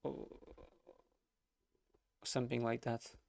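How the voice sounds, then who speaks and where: A man's voice: mid-range voice, flat delivery, takes it slowly, creaky, a little mellow. A man streaming a game, casually thinking aloud and reading its dialogue with chuckles.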